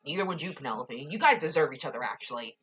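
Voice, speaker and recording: A woman's voice: a bass voice, expressive, fast talker, fairly bright tone, husky, muffled recording. A young woman casually reviewing a TV episode, gushing and ranting with lots of "like" and swearing.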